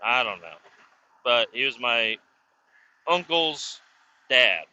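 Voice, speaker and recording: A man's voice: mid-range voice, sing-song, slow pace, bright, forceful tone, dull audio. Profane man rambling from his car. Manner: profane, laid-back, chuckling, rambling. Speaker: vlogger telling life stories. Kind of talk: casual rambling storytelling. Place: inside a car while driving.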